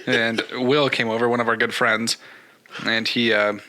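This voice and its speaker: A man's voice: medium pitch, little pitch movement, moderate pace, pushed and bright, low-quality recording. A man co-hosting a casual podcast with his brothers, sheepish and laughing at himself. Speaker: podcast co-host. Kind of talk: casual chat among brothers.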